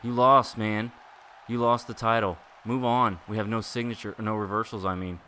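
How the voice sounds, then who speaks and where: A man giving excitable live commentary while playing a wrestling video game, groaning and exclaiming at each turn. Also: fairly low pitch, moderate pace, slight background noise. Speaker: gaming YouTuber.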